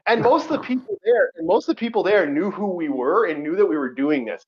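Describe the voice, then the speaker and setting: A man's voice: sits high, animated, fast talker, breathy edge. A man hosting a podcast in casual chat, rambling and profane, laughing often. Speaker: podcast host. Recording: lo-fi muffled audio.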